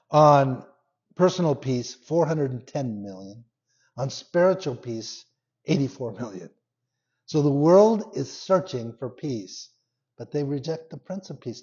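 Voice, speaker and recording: A male pastor preaching a sermon, dropping to soft, intense lows and rising to loud, emphatic peaks. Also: muffled recording.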